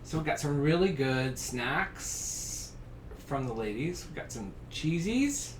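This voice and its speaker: Chatty Southern man in an echoey room. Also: slow. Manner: chatty, rambling storyteller with excited bursts. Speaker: craft show host. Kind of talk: casual live-stream chat while crafting. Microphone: live-stream camera mic. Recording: echoey room with rumbling background noise.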